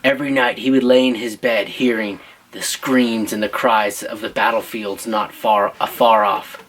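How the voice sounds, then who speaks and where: A man's voice: on the low side, fairly even intonation, moderate pace, a bit bright, poor audio. A father telling an improvised choose-your-path story, playful and teasing, asking his listeners for choices.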